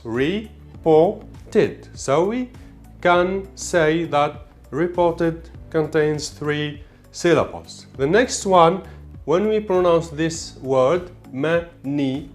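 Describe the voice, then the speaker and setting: Slow Algerian man teaching English. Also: on the high side. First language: Arabic. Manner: slow, explanatory, repeats key words. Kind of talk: exam walkthrough lesson.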